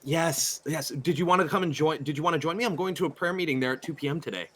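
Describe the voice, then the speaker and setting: A man doing a gushing, excitable churchgoing woman. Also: on the high side, fast, voice pushed up. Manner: breathless, effusive, hesitant with many fillers.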